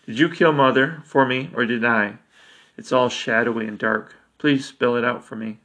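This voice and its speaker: A man's voice: mid-range voice, steady tone, moderate pace, pushed and bright, lightly acted. A man voicing a needy, unsettling young boy in a read-aloud story who insists on being believed. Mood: pleading. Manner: insistent, pleading.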